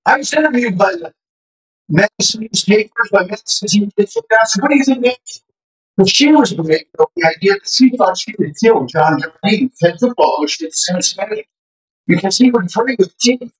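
A man's voice: sits high, expressive, brisk, poor audio. A man preaching a testimony, telling his story emphatically and with fervor. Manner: emphatic, fervent retelling with quoted dialogue.

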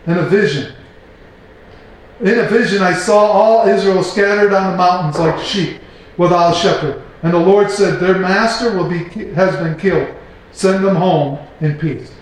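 A man's voice: high voice, a little slow. A man in his forties reading Bible verses aloud and breaking in with casual asides. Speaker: Bible teacher. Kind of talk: informal Bible reading and commentary. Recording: very echoey room.

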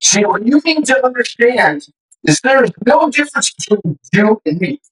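A man's voice: very high voice, very animated, normal speed, fairly bright tone, poor audio. A man preaching a testimony, telling his story emphatically and with fervor. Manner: emphatic, fervent retelling with quoted dialogue.

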